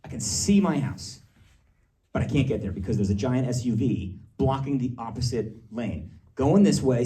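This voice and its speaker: A man from Massachusetts doing a stand-up comedy set before a live audience, chatty and riffing, breaking into shouted rants. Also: medium pitch, far from the mic, slight background noise.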